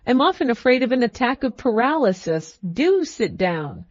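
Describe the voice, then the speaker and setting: A woman's voice: a little high, very animated, normal speed, no room sound, dull audio. A woman voicing a crafty, fussy middle-aged male magistrate who talks in a cackling, ingratiating way.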